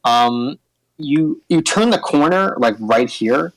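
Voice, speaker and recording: A man's voice: on the high side, lively intonation, takes it slowly, no room sound, rough recording. A man narrating as game master in a tabletop game, hesitant with many fillers.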